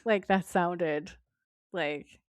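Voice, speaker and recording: A woman co-hosting a podcast, retelling a TV episode with lively quoted lines in casual chat. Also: on the low side, very slow, clear, resonant tone, dry recording, clean studio sound. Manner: lively retelling, quoting characters in her own voice. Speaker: podcast co-host.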